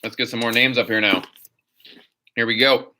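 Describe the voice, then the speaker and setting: A man hosts a live chat stream and reads out viewer questions before ranting his answers. His voice is bright and forceful, and he talks in an opinionated, rambling way at an ordinary middle pitch. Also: fairly even intonation, moderate pace, a little hiss or hum. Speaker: host.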